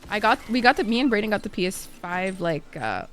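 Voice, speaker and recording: Lively, swearing woman streamer. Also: mid-range voice, brisk. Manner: swearing, playful, chatty. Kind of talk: casual gaming commentary.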